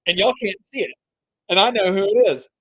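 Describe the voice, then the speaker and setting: A man's voice: high voice, animated, brisk, breathy edge. A man hosting a live stream giveaway, chatting to viewers and drawing out the suspense. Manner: hypes and drags out suspense, talks to chat.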